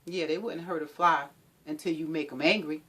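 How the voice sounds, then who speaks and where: A woman's voice: sits low, fairly even intonation, moderate pace, fairly bright tone, breathy edge. A woman speaking as a domestic violence advocate, giving an impassioned talk with an emphatic, repetitive, preaching rhythm.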